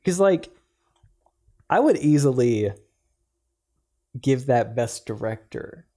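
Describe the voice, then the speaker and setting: Young male podcast co-host, mellow tone, loose chatty delivery full of "like" and "yeah.". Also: mid-range voice, lively intonation, slow. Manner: chatty, filler-heavy with "like" and "yeah". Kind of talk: casual chat.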